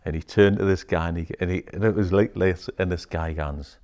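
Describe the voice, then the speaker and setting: A man telling a personal story in casual talk, swearing freely and dropping to a hushed whisper when quoting others. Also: low-pitched, steady tone, brisk, hardly any pauses.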